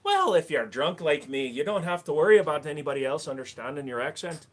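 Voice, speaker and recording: A man's voice: a little high, sing-song, fast. A man voicing a drunk, rowdy Irish man with brash stage-Irish bravado. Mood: boozy.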